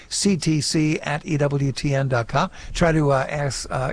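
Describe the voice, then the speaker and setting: A man's voice: a little high, fairly even intonation, moderate pace, few pauses, soft background music. Easygoing man hosting a radio show.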